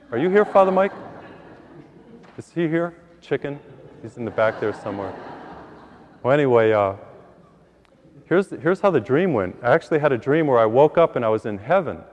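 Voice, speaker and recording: A man's voice: medium pitch, lively intonation, moderate pace, pauses often, darkish tone. A man preaching in a church, telling folksy jokes and stories to his congregation. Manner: folksy storytelling with laughs. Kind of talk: joke-telling sermon. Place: church hall. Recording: dull sound in a reverberant church.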